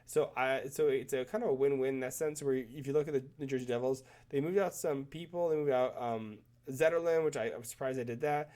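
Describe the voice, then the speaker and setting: Man, stuffed-up cold voice, casual rambling commentary, self-correcting, eager, middle pitch. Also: fairly quick, few pauses, darkish tone. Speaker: hockey commentator. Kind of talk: casual screen-share commentary.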